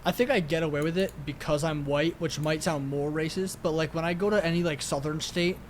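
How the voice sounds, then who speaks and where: A man's voice: on the high side, steady tone, brisk, a little hiss or hum. A young man with a New York accent, chatting casually as a podcast co-host, rambling and swearing with lots of filler words. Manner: rambling, profane, heavy use of "like".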